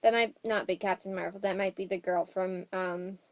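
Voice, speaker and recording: A woman with a mid-range voice, talking through her notes in a relaxed movie chat. She hesitates often and fills pauses, with a dry, wry humor. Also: medium pitch, lo-fi sound. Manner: hesitant, many fillers, wry. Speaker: movie review co-host. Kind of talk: casual chat.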